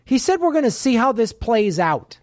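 A man's voice: very high voice, big pitch swings, no echo, clean studio sound. A man co-hosting a podcast, jumping in with emphatic, profane asides. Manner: emphatic, swears, jumps in with quick asides. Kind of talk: casual profane chat.

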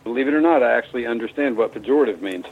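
Man, call-in guest, dry deadpan humor, middle pitch, faint hiss behind. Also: racing, phone-quality sound. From West Virginia. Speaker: caller, small business owner. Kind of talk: call-in chat.

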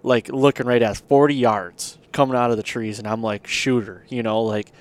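A man's voice: medium pitch, fairly even intonation, normal speed. Guy telling a hunting story, rambly, casual, lots of fillers. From Michigan. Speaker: podcast host.

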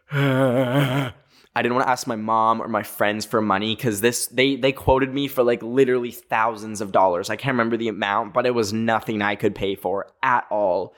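A man in his twenties telling a story in a casual, rambling way, full of filler words, with animated pitch jumps. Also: normal speed. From Canada. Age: 20s.

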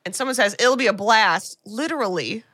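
Woman podcast host, bright forceful voice, dry close sound, animated storytelling with sarcastic asides. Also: on the high side, fairly quick, dry recording. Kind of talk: casual film recap chat.

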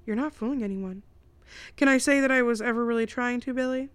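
A woman voicing a warm, gently teasing middle-aged mother in a read-aloud novel. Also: a little high, fairly quick, smooth, no echo, voice pushed up, lightly acted.

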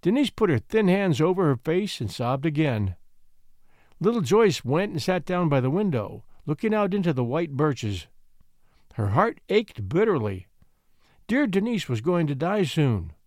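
A man narrating a classic storybook in an expressive, gently measured way. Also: on the high side, no echo, studio quality.

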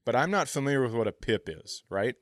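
A man co-hosting a comedy podcast, telling rambling stories and sometimes bursting into loud impressions. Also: medium pitch, lively intonation, fast, no room sound, studio quality. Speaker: podcast co-host. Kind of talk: casual comedy podcast chat.

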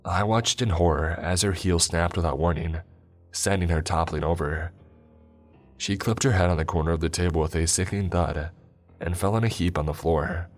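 A man narrating a first-person story in a measured storytelling delivery. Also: low-pitched, fairly even intonation, soft background music.

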